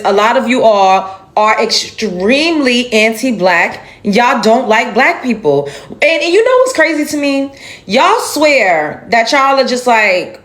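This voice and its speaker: A woman's voice: fairly high pitch, a bit bright. A woman giving an emphatic, indignant reaction commentary on a video clip, with exasperated sighs.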